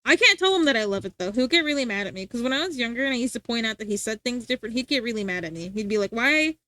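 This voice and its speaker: A woman's voice: fairly high pitch, expressive, rapid-fire, sharp tone, no echo. A young adult woman streaming, rambling in casual chat and answering her chat, often restarting her sentences.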